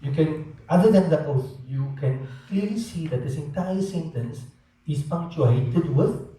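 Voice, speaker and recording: A man teaching a Quran lesson, animated and asking his students rhetorical questions. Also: a little high, a little slow. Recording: echoey room from far off.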